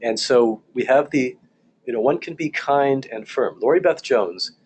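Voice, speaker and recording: A man teaching church leaders in a calm, measured seminar talk, often restarting his phrases and repeating key points. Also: medium pitch, slight background noise. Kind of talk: recorded seminar lecture.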